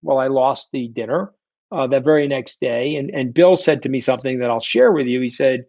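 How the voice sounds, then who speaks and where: A man's voice: mid-range voice, brisk, darkish tone, dry recording. Man, middle-aged, blunt and profane, dull dry recording. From New York. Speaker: guest, fund founder. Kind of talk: candid storytelling interview.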